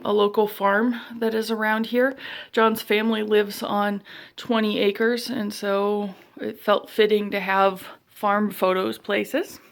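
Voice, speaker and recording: Slow-talking, gravelly young woman giving a walkthrough. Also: mid-range voice. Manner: chatty, self-deprecating asides; walking while talking, a bit out of breath. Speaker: vlogger giving a home tour. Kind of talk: casual walkthrough narration. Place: inside her own house, moving room to room.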